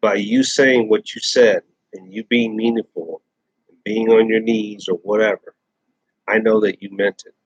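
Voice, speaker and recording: A man's voice: on the low side, steady tone, normal speed, husky, no room sound. A man ranting bluntly in casual chat, repeating himself and restarting phrases as he talks. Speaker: host. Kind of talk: casual rant to camera. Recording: dull lo-fi dry sound.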